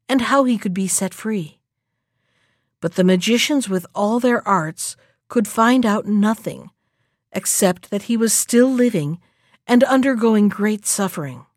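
A woman narrating a fairy tale aloud in a measured, unhurried reading. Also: medium pitch, a little mellow, dry recording, studio quality.

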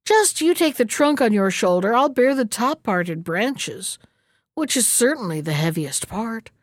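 A woman's voice: a little high, big pitch swings, unhurried, no echo, studio quality. Cocky little tailor for a storybook, bragging and chirpy, as a woman puts him on. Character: boastful cheeky little male tailor.

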